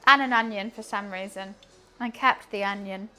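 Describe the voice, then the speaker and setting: A woman's voice: medium pitch, normal speed, pushed and bright, soft background music. A young woman chatting casually while cleaning and cooking in her home kitchen, rambling and humming to herself. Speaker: streamer.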